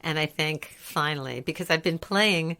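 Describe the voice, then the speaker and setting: An older woman with a low-pitched voice tells animated stories about her working life and laughs often. She sounds like a relaxed podcast co-host, chatting casually. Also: normal speed. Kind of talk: casual chat.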